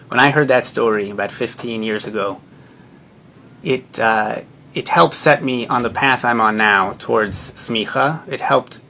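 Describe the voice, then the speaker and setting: A young man who is a rabbinical student, telling a personal story in an earnest, measured and reflective way. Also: mid-range voice, creaky, fairly bright tone.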